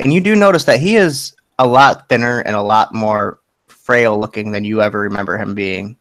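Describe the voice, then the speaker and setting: A man's voice: lowish voice, normal speed, fairly bright tone. A man narrating a tabletop role-playing game as game master, describing scenes plainly.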